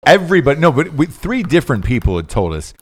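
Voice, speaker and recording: A man chatting on a podcast, starting a story in a relaxed manner. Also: fairly high pitch, quick pace, breathy edge. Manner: relaxed storytelling, chimes in with short replies. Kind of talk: casual chat.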